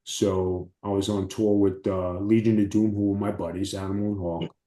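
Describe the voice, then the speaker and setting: Man, low voice, mellow tone, roomy echo, animated storytelling, swears freely. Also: moderate pace, a little hiss or hum. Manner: animated, profane storytelling with acted quotes. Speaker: interview guest, former wrestler. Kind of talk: casual storytelling.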